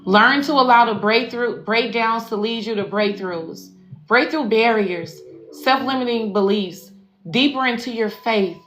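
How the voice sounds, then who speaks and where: Lady doing a spiritual reading, cusses a lot, bright tense voice, echoey room w faint music. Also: on the high side, unhurried. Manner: profane, affectionate, preachy, addresses viewers as y'all and baby. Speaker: spiritual life coach and intuitive reader. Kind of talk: casual tarot reading livestream.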